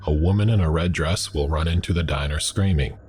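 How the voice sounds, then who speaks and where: A man's voice: fairly quick, darkish tone, a little hiss or hum. A man doing a cryptic Russian-accented stranger. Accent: Russian, put on. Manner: cryptic, low and unnerving.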